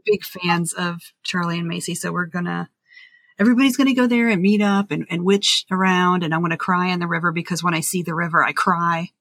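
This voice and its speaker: A woman's voice: lowish voice, a little fast, fairly bright tone, dry recording. A woman from Roanoke hosting a casual chat, gushing and emotional, laughing often. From Roanoke, Virginia. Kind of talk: casual conversation.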